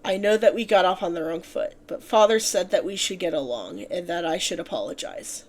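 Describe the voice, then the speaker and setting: A woman's voice: fairly low pitch, brisk, close to an everyday voice. A woman voicing an eager young nobleman who talks in an earnest, chatty way.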